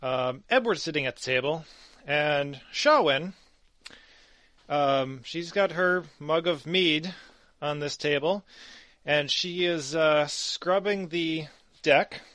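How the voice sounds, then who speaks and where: A man's voice: fairly high pitch, slow pace, dry recording. Game master, male, rambling easy delivery, dry close sound. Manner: relaxed, rambling with many ums. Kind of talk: narrating a tabletop game.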